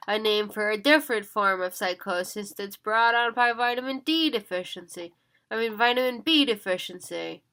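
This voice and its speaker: A woman talks casually to her viewers, sounding tired and now and then yawning. Her voice is bright and forward, and she pleads earnestly. She often repeats herself and restarts her sentences. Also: medium pitch. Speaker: vlogger. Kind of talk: casual monologue to camera.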